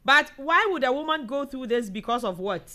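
A woman's voice: sits high, a little fast. Chatty Ghanaian woman hosting live. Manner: chatty, animated, laughs often, mixes in local words. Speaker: live show host reading viewer comments. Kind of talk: casual live commentary.

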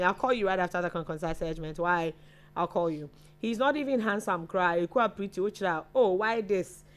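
A woman's voice: mid-range voice, a bit bright. A Ghanaian woman co-hosting a live online chat show, chatting as she reads out viewer names and messages. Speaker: co-host reading viewer comments.

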